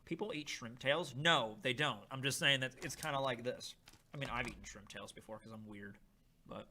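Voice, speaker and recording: A young man hosting a casual charity livestream, reading chat aloud and trying snacks with a rambling, animated manner. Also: medium pitch, normal speed, a little hiss or hum. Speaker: livestream host.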